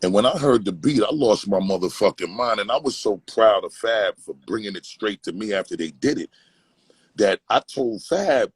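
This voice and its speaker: A man from Brooklyn, a guest on a talk show, telling profane, energetic stories and acting out quotes. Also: fairly low pitch, normal speed, slightly rough, no echo, low-quality recording. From Brooklyn, New York. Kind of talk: animated anecdote telling.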